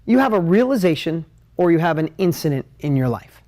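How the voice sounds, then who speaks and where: Man, live-stream business coach, whiteboard lesson, animated, emotional, talks to viewers. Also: on the high side, fairly quick, a little hiss or hum. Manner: animated, emotional, jumps between ideas; talks straight to viewers, asks for comments. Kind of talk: live motivational teaching at a whiteboard.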